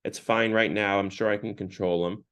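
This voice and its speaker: A man's voice: fairly low pitch, steady tone, normal speed, a bit bright, clean tone, lightly acted. A man doing a whiny, frightened ghost. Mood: pleading. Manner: whiny, anxious, makes excuses. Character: frightened, pleading man clinging to his vice.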